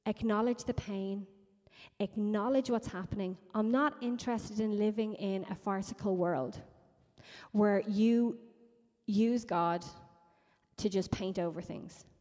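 A woman's voice: mid-range voice, slow pace, pauses often, warm tone. Emphatic woman preacher in a reverberant hall. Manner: emphatic, repetitive preaching with rising intensity. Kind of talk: sermon.

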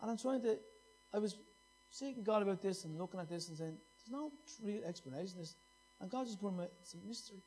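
A man's voice: sits high, animated, quick pace, a little mellow, slight background noise. A middle-aged man preaching a sermon, impassioned and repeating phrases for emphasis.

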